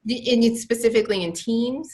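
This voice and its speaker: A woman's voice: a little high, brisk, a little mellow. A woman, a healthcare leader on a panel, speaking directly and reflectively over a video call.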